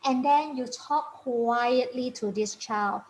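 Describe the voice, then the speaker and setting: High-voiced, chatty woman parenting coach. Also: takes it slowly, slight background noise, rough recording. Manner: chatty and encouraging, laughs often, repeats points, tag questions. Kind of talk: informal parenting talk.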